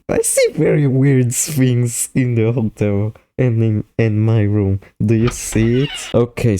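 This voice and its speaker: A young man commentating a horror fan game, laughing often, swearing and reacting excitedly between explanations. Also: mid-range voice, clean tone, dry recording, clean studio sound. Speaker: gaming YouTuber. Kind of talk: game commentary mixing live play and scripted explanation.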